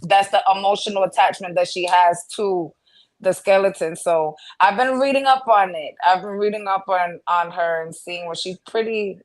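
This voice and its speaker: A woman's voice: medium pitch, moderate pace, low-quality recording. A woman co-hosting a casual podcast chat, frankly explaining her take on things. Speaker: podcast co-host.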